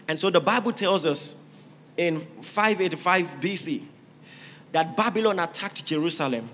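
Male preacher, high animated voice; emphatic sermon delivery in a reverberant hall. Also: moderate pace, a little hiss or hum. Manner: emphatic, rising to shouted exhortations. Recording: reverberant hall with faint ambience.

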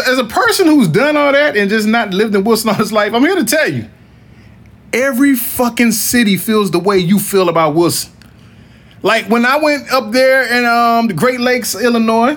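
Blunt, profane man with a higher voice. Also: fairly bright tone. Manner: rambling, with frequent restarts and laughs. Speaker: podcast host. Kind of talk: casual podcast chat.

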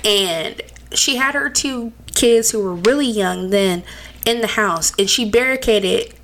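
A woman's voice: medium pitch, a little slow, a bit bright, slight background noise. A woman from the West Coast co-hosting a podcast, telling stories in a candid, profane, laughing way. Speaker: podcast co-host. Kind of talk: casual chat.

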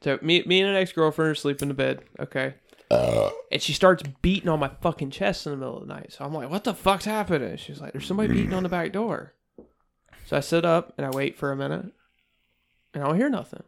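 A man with a gravelly, fairly high voice tells a blunt, profane story in casual podcast talk. He swears freely. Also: sing-song, fast talker. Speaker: podcast co-host.

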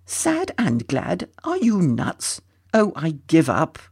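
A storyteller voicing an impatient young male friend who talks briskly and gets exasperated. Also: medium pitch, wildly swooping pitch, a little mellow, husky, dry recording, clean studio sound, full character voice.

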